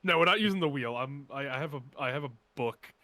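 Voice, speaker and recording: Lively, rambling young man streaming. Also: mid-range voice, fast, dry recording. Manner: rambling, laughing, repeats himself. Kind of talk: casual chat while playing a game.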